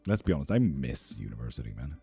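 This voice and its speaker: A man in his thirties chats casually with viewers on a live tarot stream, joking and answering their questions. His voice is low and dark with a husky grain. It is recorded close and dry, with faint music playing behind. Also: big pitch swings, quick pace, no room sound. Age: 30s. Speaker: livestream tarot reader. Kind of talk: casual live-stream chat, reading comments aloud.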